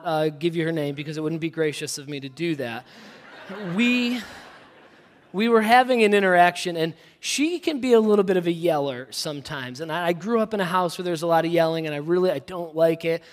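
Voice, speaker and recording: A man's voice: on the high side, fairly quick, in a large hall. A man in his thirties preaching a sermon as a pastor, conversational and self-deprecating, telling family stories with casual asides.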